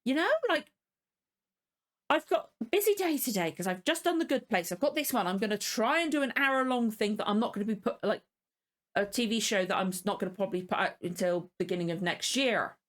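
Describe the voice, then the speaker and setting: A woman's voice: medium pitch, lively intonation, quick pace. A woman hosting a casual reaction video, rambling and frank, openly annoyed about the episode she watched. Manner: rambling and frank, many fillers and restarts. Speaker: reaction channel host.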